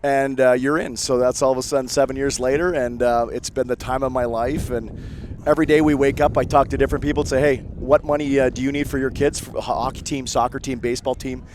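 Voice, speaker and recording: A man's voice: medium pitch, a little hiss or hum. A Canadian man, a former hockey player, telling stories in casual chat and acting out the voices of the people he quotes. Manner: rapid animated storyteller acting out quotes. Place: suite at a golf tournament.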